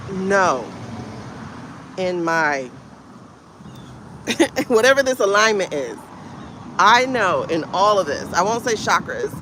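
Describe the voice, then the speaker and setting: A woman hosts a spiritual livestream, speaking from her phone with a faint hiss of noise behind her. Her pitch sits in an ordinary middle range. She talks in an emotional, halting way, circling back and repeating phrases as she feels her way forward. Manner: emotional, halting, repeats herself, sighs and laughs. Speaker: livestream host, intuitive reader.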